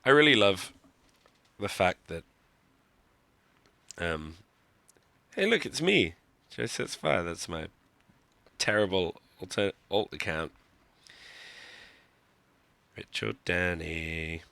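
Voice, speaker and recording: A man streams a mobile game live, chatting wryly and mocking himself as he plays. His voice sits very low, with a gravelly edge and a bright, forward tone. The recording is dry and close, with no room echo. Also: lively intonation, takes it slowly, long pauses. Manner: wry, joking, self-mocking. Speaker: gaming streamer. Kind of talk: live gameplay commentary.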